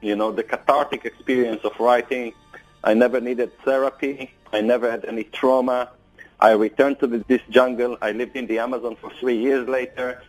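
A man's voice: medium pitch, little pitch movement, moderate pace, faint music behind, low-quality recording. A man, an author, answering radio interview questions with emphatic, dramatic phrasing and lists of short points.

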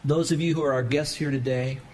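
A male pastor preaching a sermon in church, emphatic, with sudden swells of pitch and volume. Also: fairly even intonation, fairly quick, a little mellow, a little hiss or hum, rough recording. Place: church sanctuary.

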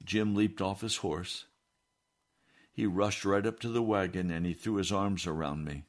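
Man, low voice, earnest first-person story reading. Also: steady tone, a little slow. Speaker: narrator.

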